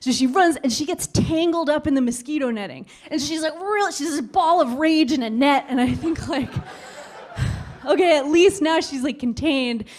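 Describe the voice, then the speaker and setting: A woman in her twenties performing a stand-up routine on a club stage, telling a story with animated delivery and acted-out voices. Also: high voice, normal speed, hardly any pauses. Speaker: stand-up comedian.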